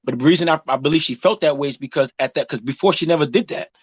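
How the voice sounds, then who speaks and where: A man in his thirties co-hosts a casual chat show, telling stories animatedly and acting out the people he quotes. His voice is on the high side and racing, in a dry recording.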